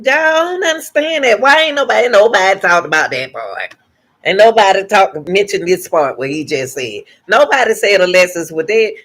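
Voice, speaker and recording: A woman hosting a reaction channel, giving emphatic commentary and repeating her points to her viewers. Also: fairly low pitch.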